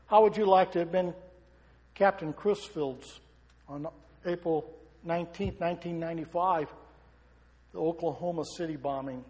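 A middle-aged male pastor, his voice fairly high and a little mellow, preaches at normal speed but pauses often. His sermon is impassioned and full of rhetorical questions, echoing with the long reverb of a large hall.

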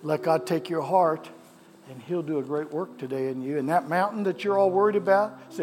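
A man's voice: a little high, fairly quick, a little mellow. A man preaching a sermon as pastor of a church, with a fervent cadence that repeats phrases, then leading prayer. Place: church sanctuary.

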